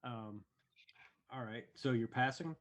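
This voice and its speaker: A man running a tabletop game as game master over a voice call, unhurried and easygoing. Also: medium pitch. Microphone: online voice call.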